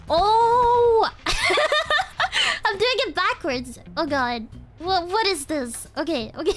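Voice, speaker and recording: A playful young woman giving live commentary on a cozy game, laughing often and dropping slang. Her voice is high and bright, and it leaps around a lot. Faint music plays underneath. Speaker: streamer.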